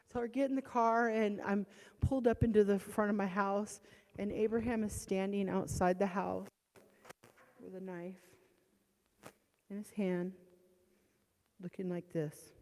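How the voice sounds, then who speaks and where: A middle-aged woman gives an emotional personal testimony in a church. Her voice swings from hushed to loud and strained, and she talks haltingly with restarts. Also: mid-range voice, steady tone. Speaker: church member giving a testimony. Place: church sanctuary. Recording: long church hall reverb.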